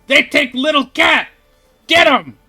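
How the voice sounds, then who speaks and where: A man voicing a bullying male goblin scout captain who shouts taunts in broken English. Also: very high-pitched, expressive, unhurried, faint music behind, voice pushed up, full character voice. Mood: shouting.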